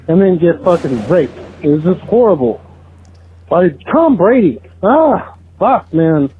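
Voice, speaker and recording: A slightly high, husky male voice comes through a tinny, narrow phone line. He vents in an exasperated way, swearing and groaning as he goes. He sounds fed up and keeps venting. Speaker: phone-in caller. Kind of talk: phoned-in fan rant.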